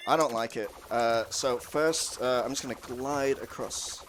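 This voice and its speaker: A man's voice: medium pitch, unhurried, music in the background. A man commentating his own speedrun in a casual, jokey way, laughing often. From United Kingdom. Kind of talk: casual live commentary on a game run.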